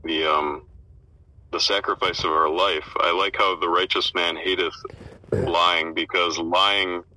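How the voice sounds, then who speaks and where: A man's voice: deep voice, little pitch movement, a little slow, bright, forceful tone, rough recording. A man taking part in an informal Bible study, offering thoughts hesitantly and with many fillers.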